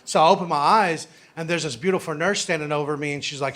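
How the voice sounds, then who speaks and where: Young male stand-up comic, higher voice, brash profane storyteller. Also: fast, hardly any pauses, fairly bright tone. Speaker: stand-up comedian. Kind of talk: stand-up comedy set.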